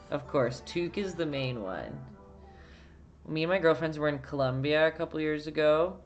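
With a deep voice and a moderate pace, this Canadian-accented woman leads a relaxed live-streamed painting class. She's chatty, responds to viewers' chat messages and laughs a lot. Faint music sits behind her, and the highs are cut off.

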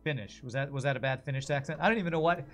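A man in a casual live-stream commentary, talking through his moves and chatting with viewers in a middle-pitched voice. His tone is relaxed and conversational. Faint game music plays behind him. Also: very fast. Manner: chatty, thinks aloud and answers viewer messages.

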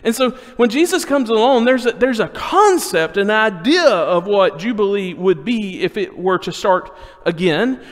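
A man with a high voice delivers a sermon in an easy, conversational way, restarting his phrases as he goes. He sometimes sinks into a hush to draw listeners in. His voice carries a long reverb through the church sanctuary. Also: expressive, normal speed, few pauses. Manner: conversational, with restarts and dramatic drops to a hushed voice. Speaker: preacher.

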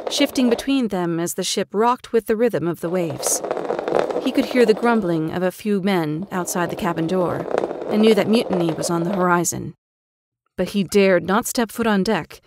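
A woman narrating an audio drama in a measured, dramatic storytelling style. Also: medium pitch, noisy background. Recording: narration over clear music.

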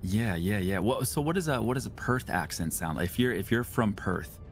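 Deep, lively-voiced man, teasing. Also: brisk, faint music behind. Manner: laughing, teasing. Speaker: stream guest. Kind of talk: casual gaming chat.

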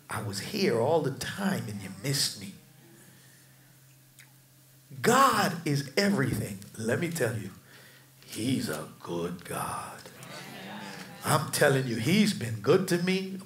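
A middle-aged American man preaching a sermon, swinging from shouted peaks to soft, low asides, with casual slang and humor. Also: echoey room. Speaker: pastor.

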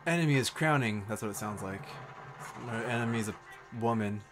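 A man streaming a shooter game, commenting casually with loud, swearing, trash-talking outbursts. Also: lowish voice, brisk, over music. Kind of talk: gameplay commentary.

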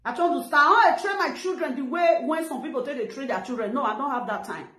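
A woman's voice: high-pitched, fast, bright, forceful tone, reverberant. A middle-aged woman with a Nigerian Pidgin English accent, ranting animatedly on a live video and retelling what others said. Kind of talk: casual live-stream talk.

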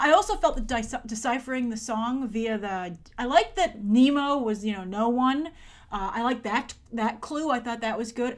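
A woman hosting a casual spoken TV review, animated, often acting out mocking voices in quotes. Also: a little high. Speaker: film and TV reviewer, show host.

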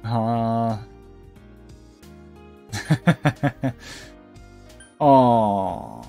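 A man records a let's play, musing aloud and reading the game's lines in an easygoing, halting manner. His voice sits at an ordinary middle pitch. Soft game music plays faintly underneath. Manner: muses aloud, reads game text in a relaxed, halting way. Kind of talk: casual game commentary, reading dialogue aloud.

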